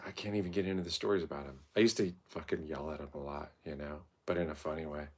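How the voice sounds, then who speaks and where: A man's voice: extremely low pitch, steady tone, quick pace. A man, telling profane, rambling, self-mocking stories as a casual streamer.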